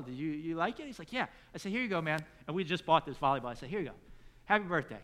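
A middle-aged man preaching a sermon, telling a story and acting out the dialogue, building to loud emphatic peaks. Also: sits high, very animated, quick pace. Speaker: pastor.

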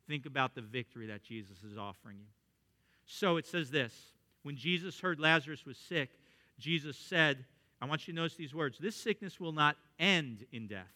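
A man preaching a sermon, reading scripture and speaking earnestly and with emphasis, sometimes dropping into quieter asides. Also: a little high, animated, moderate pace. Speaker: pastor.

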